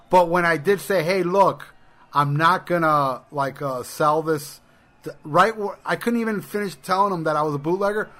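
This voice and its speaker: Male podcast co-host, bright tone, rambling casual storyteller. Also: fairly high pitch. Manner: rambling anecdotes with restarts and profanity.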